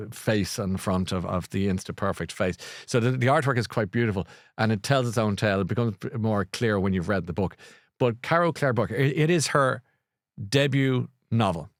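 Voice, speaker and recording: The middle-aged Irish podcaster has a fairly low voice at normal speed, chatting in a rambling way about a book recommendation, frequently restarting and self-correcting. The recording is dry with clean studio sound.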